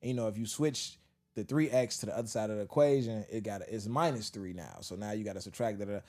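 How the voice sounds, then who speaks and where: A man's voice: lowish voice, quick pace, mellow. A man co-hosting a casual podcast, telling stories and acting out quotes, laughing often. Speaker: podcast co-host. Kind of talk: casual storytelling chat.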